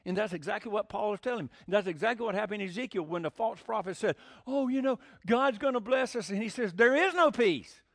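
A man's voice: high-pitched, fairly bright tone, no room sound, clean studio sound. A man teaching the Bible in a folksy, conversational sermon, asking rhetorical questions and acting out quotes. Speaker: preacher.

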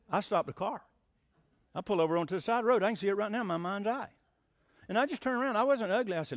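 Man preaching a sermon, high lively voice, folksy storytelling, dry close sound. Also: quick pace, no echo. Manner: folksy, animated preaching with rhetorical questions. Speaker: pastor.

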